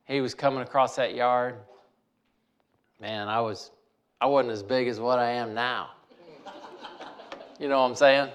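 A man's voice: medium pitch, fairly even intonation, unhurried, pauses often, smooth. A man telling a personal story in a folksy way, repeating phrases for emphasis.

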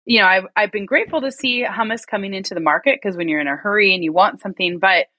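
A woman's voice: mid-range voice, fast talker, pushed and bright, no room sound. A woman from rural Oregon hosting an interview, enthusiastic and effusive with frequent laughs. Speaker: interview host. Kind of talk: conversational interview.

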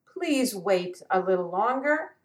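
A young woman fairgoer pleads and protests in a storybook reading, as a woman puts her on. The voice is slow and rings in a roomy space. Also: medium pitch, expressive. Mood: indignant. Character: indignant young woman at a fair.

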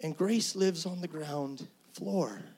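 A middle-aged pastor with a high, light voice delivers a sermon in an earnest, conversational way. He drops to hushed, near-whispered lines and then climbs to loud, emphatic ones. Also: takes it slowly, slightly rough.

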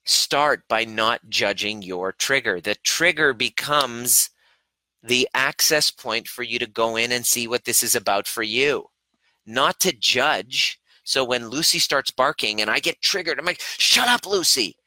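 A man's voice: mid-range voice, unhurried, sharp tone, no echo, rough recording. A man hosting a live Q&A, earnestly coaching viewers and acting out his own inner voice. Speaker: host, breathwork and trigger coach. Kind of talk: live-streamed Q&A teaching.

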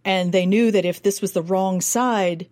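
A woman's voice: medium pitch, a little slow, a little mellow, dry recording. An American woman who works as an accent and dialect coach, explaining at length in an interview and demonstrating speech sounds as she goes. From United States.

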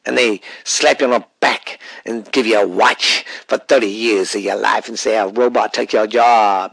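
A man's voice: fairly low pitch, steady tone, unhurried, gravelly, a bit bright, dry recording, low-quality recording. A man with a Louisiana accent co-hosting a casual podcast, rambling and drawling with lots of fillers and cursing. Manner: rambling, drawling, swears freely, many fillers. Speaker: podcast co-host.

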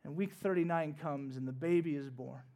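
A male pastor preaching in church, telling a personal story in a conversational way that swings from hushed to loud and emphatic. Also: on the high side, moderate pace. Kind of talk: sermon told as a personal story.

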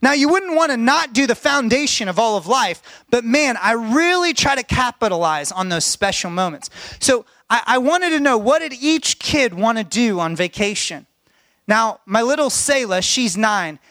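A man with a notably high voice preaches in a dry, close-sounding room. He tells his own stories earnestly and from the heart. He sounds middle-aged and speaks as a pastor. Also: very animated, normal speed, sharp tone, no echo. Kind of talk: sermon with personal stories.

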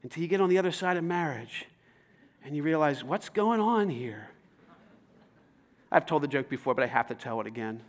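Pastor, male, high voice, dynamic sermon delivery moving between emphatic and quiet. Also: animated, fairly quick, pauses often. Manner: dynamic preaching, swings from loud to hushed.

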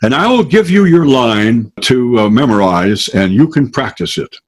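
Older male storyteller, folksy and animated, husky edge. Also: medium pitch, normal speed. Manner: folksy, animated, acting out quoted voices. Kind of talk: storytelling to an audience.

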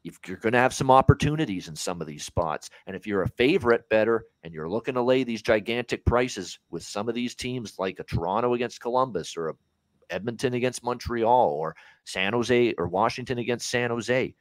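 A man's voice: mid-range voice, expressive, fairly quick, no echo. A man co-hosting a sports betting podcast, ranting in heated, casual talk and swearing freely.

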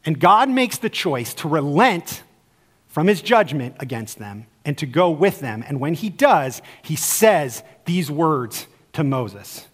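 A male pastor preaching a sermon in a church sanctuary, casual and lively, then going slow and low for scripture. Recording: long hall reverb.

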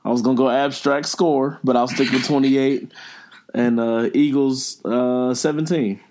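A man's voice: mid-range voice, steady tone, a little slow, a little mellow. Easygoing man in a rambling sports chat. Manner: joking, rambling, apologetic teasing. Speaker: podcast co-host.

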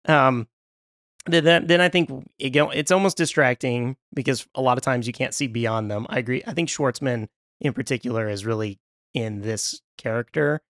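A man in a loose film-podcast discussion, talking at a middle pitch with a rambling, stop-start delivery. He laughs often as he goes and trails off mid-thought. The sound is close and dry, with no room around it. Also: moderate pace, fairly bright tone, dry recording. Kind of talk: casual film review discussion.

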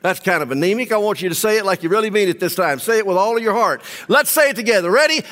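A pastor preaching in a reverberant church. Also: male voice, sits high, expressive, fast talker, hardly any pauses, a bit bright. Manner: rallying the congregation into call-and-response; reflective, asking searching questions. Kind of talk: sermon. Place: large church sanctuary. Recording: long church hall reverb.

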